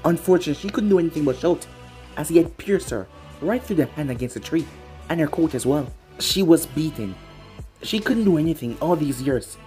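Fanfic narrator reading an action story, dramatic, animated up-and-down delivery, soft music under it. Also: medium pitch, brisk. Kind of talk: fan-fiction reading.

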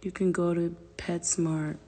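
A woman talks slowly and unhurriedly in a low, gravelly, husky voice, venting to viewers on a phone livestream. She swears freely, sounds exasperated, and keeps slipping into hushed whispered asides. Her voice rings with a long reverb from the room. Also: little pitch movement.

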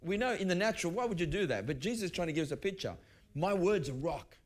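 A middle-aged male pastor delivers a teaching sermon in a fairly high voice. He talks conversationally, stumbling and restarting lines as he works through personal stories and scripture. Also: animated, fast talker.

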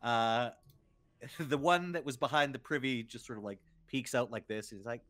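A man's voice: medium pitch, moderate pace, a bit bright. A man narrating a tabletop role-playing game as game master, playful and full of fillers.

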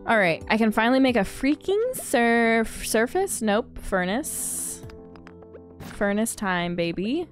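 A young woman streaming a farming game, chatting casually with her viewers, bubbly and quick to laugh. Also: on the high side, sing-song, soft background music. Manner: bubbly and giggly, quoting movie lines. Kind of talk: casual gaming stream chat.

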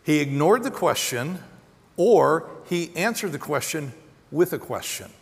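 A man preaching a sermon as a pastor, animated, acting out quotes with sudden jumps in pitch. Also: a little slow, creaky. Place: large church auditorium. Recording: long hall reverb.

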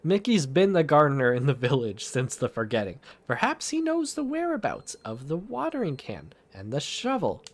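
A man's voice: on the high side, huge pitch swings, moderate pace, few pauses, exaggerated voice. A man reading as a cheerful cartoon mouse. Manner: reads game dialogue aloud, stumbling now and then.

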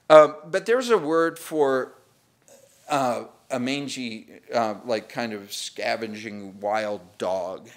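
A male pastor preaching a sermon in a conversational way, acting out the people in the story. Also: on the low side.

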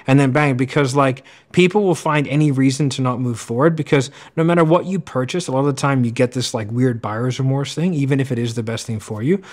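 A man giving casual commentary on sales clips, talking quickly and acting out sales calls. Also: mid-range voice. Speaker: sales coach reacting to clips.

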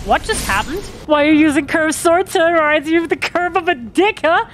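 High, animated woman gamer yelping. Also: a little fast. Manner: excitable, swears a lot, yelps and repeated cries. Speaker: gamer streamer. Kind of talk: let's play commentary. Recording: game music clearly behind.

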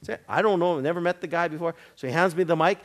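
A man's voice: fairly high pitch, rapid-fire. A man preaching to a church congregation, telling a story in a conversational way and acting out the dialogue of the people in it. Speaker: guest preacher. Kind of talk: storytelling sermon.

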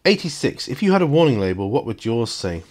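A man's voice: mid-range voice, sing-song, a little fast, a little mellow. A man hosting a solo question-and-answer vlog. He reads out each question, then answers it himself in a casual, reflective way. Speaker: channel host.

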